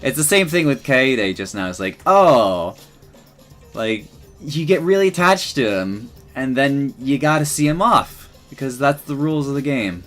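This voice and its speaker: A man's voice: medium pitch, animated, measured pace, a bit bright, soft background music. A man streaming, talking casually and emotionally in a rambling way with many restarts.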